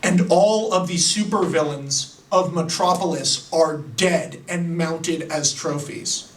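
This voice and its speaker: A man casually pitching a comic-book story, excitable and profane, acting out the characters as he goes. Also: slow pace, echoey room, recorded from a distance, slight background noise.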